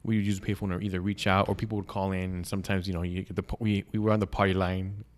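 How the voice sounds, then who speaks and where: Low-voiced man telling a rambling story. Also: flat delivery, racing. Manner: profane, rambling, with frequent restarts. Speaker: podcast guest. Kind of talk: casual storytelling in a podcast interview.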